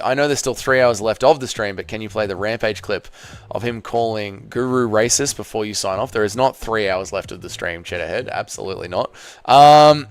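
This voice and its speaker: A man's voice: medium pitch, smooth, dry recording. A man hosting a casual livestream, reading out viewer comments and answering in a blunt, sarcastic way while swearing freely. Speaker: livestream host.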